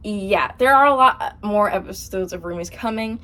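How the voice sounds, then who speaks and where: A woman's voice: mid-range voice, moderate pace, bright, forceful tone. A young woman hosting a casual question-and-answer vlog, chatty and a little hesitant, with frequent fillers and laughs. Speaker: channel host.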